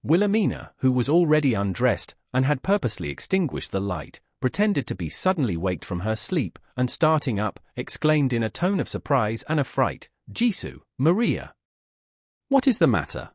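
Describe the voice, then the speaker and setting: A man narrating a classic novel as an audiobook, in a measured, expressive storytelling manner. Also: medium pitch, no echo, studio quality.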